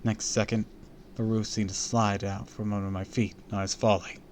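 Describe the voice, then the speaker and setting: A low-voiced man reads a spooky children's story aloud on a live stream. His delivery is expressive and theatrical, leaning into the suspense. A faint hum of noise stays in the background. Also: normal speed.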